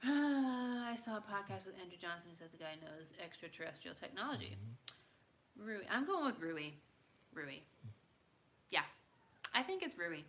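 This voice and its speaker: A woman's voice: low-pitched, pushed and bright. A woman hosting a live stream, chatting with viewers in a bubbly, playful way while tired late at night. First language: English. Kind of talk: casual chat with viewers.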